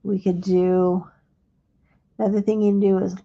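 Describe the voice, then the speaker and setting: A woman hosting a live crafting demonstration and explaining each step gently and without hurry. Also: medium pitch, level tone, normal speed, pauses often, lo-fi sound. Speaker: craft instructor.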